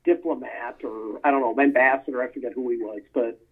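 Over a tinny phone line, a man with a husky, steady, mid-range voice talks fairly quickly about old films. The casual chat rambles, full of fillers and restarts.

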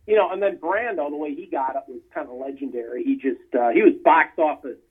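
A man's voice: on the high side, fairly quick, breathy edge. A man chatting casually about old films, rambling with many fillers and restarts. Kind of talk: casual film chat. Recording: tinny phone-line sound.

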